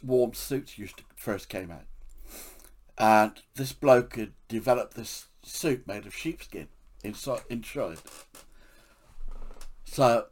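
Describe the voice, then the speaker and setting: A man from England, telling funny anecdotes from his life for a podcast and often laughing at his own stories. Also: mid-range voice. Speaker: podcast storyteller. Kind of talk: anecdotal storytelling.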